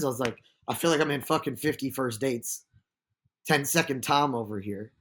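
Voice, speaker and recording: A man casually retelling a bar story on a podcast, animated, with lots of "she goes.". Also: mid-range voice, normal speed, a little hiss or hum. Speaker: podcast co-host.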